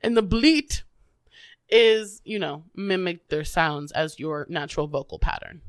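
A young woman from the Midwest co-hosting a podcast, trading quick jokes and giggling through casual banter. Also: lowish voice, animated, no room sound. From American Midwest. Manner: playful, jokey, giggly banter. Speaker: podcast co-host. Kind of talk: casual chat.

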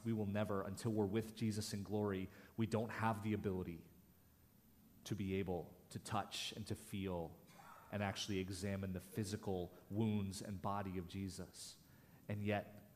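A man's voice: sits low, darkish tone. A man pastor giving an earnest, emphatic sermon, sometimes dropping to a near whisper. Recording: long hall reverb.

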